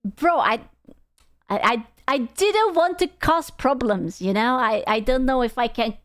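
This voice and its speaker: A young woman streams in a loose, rambling chat style. She swears freely and breaks into laughs often. Her voice sits slightly high for a woman. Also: lively intonation, measured pace, a bit bright. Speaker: VTuber streamer. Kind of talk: casual live-stream chat.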